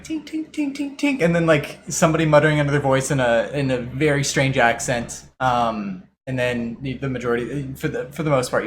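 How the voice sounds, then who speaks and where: Casual male game master, halting speech. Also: medium pitch, a little hiss or hum. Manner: casual, halting, many fillers. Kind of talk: running a tabletop game over voice chat. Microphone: computer mic on a voice call.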